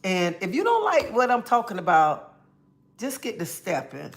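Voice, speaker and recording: A woman's voice: medium pitch, wildly swooping pitch. Woman hosting a laid-back livestream chat. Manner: greets chat viewers by name, drawn-out friendly talk. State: feeling under the weather. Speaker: livestream host.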